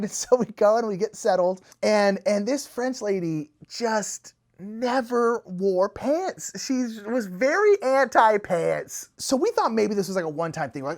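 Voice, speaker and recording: A man telling a funny travel story in a casual, animated way, laughing often. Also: normal speed, hardly any pauses. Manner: animated, laughing, big pitch swings. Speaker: storyteller, channel co-host.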